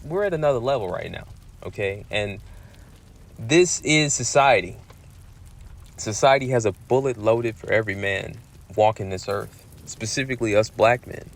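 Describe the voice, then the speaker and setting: A man telling a story in a heated, profane rant, repeating himself for emphasis. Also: fairly low pitch. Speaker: vlogger.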